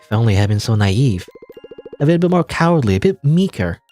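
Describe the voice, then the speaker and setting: A man's voice: medium pitch, very animated, quick pace, dark tone, faint music behind, natural voice. A man reading the lines of an earnest, polite young woman heroine in a game, apologetic and anxious. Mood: despairing.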